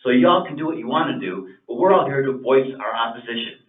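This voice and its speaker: A man speaking as a resident during public comment at a town meeting, indignant and exasperated, with halting restarts. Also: medium pitch, animated, heavy background noise. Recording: echoey, distant, tinny phone-like sound.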